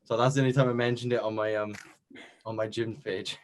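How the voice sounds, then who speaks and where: A man's voice: lowish voice, little pitch movement, fairly quick. Young welsh guy chatting in an interview, modest, lots of ums and restarts. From Wales. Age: young adult. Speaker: interviewee, competition winner. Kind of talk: casual chat.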